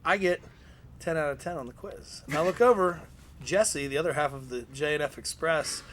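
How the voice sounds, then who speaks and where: High, bright-voiced man telling a profane story. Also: moderate pace, slight background noise. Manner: profane, animated anecdote-telling. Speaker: guest wrestler. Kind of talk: casual storytelling.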